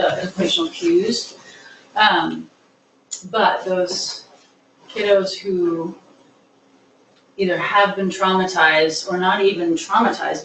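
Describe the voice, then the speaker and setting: A woman with a fairly low voice leads a classroom discussion on trauma-informed teaching, offering earnest explanations built on everyday examples. Her voice comes from far off in an echoey room, and there's slight background noise.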